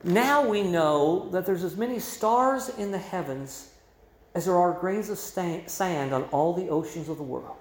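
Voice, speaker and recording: A man's voice: high-pitched, unhurried. A man preaching a sermon, explaining scripture in a conversational way and adding emphasis with quoted voices. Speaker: pastor. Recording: roomy echo.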